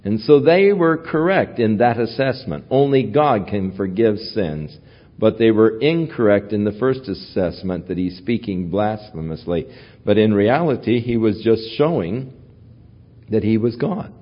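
A man preaching a sermon as pastor, teaching from the Bible in a measured way. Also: on the low side, expressive. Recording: dull lo-fi recording.

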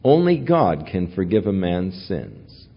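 A man preaching a sermon as pastor, teaching from the Bible in a measured way. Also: low voice, very animated, gravelly, husky. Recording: dull lo-fi recording.

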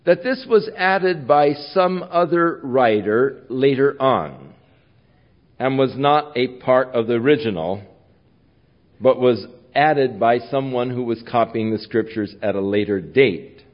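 A man's voice: medium pitch, animated, slow, muffled recording. A male pastor giving a conversational sermon, retelling scenes and repeating himself.

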